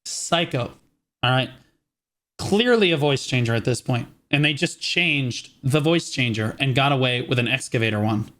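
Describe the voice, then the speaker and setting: A male streamer telling a story to his chat in casual, profane, animated fashion, mocking the people he quotes. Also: medium pitch, moderate pace.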